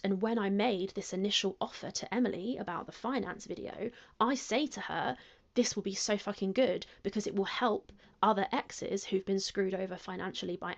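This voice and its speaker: A woman's voice: mid-range voice, highs cut off. A woman explaining and justifying her decisions to camera, repeating herself as she goes. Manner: self-justifying, repetitive. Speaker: youtuber being reacted to.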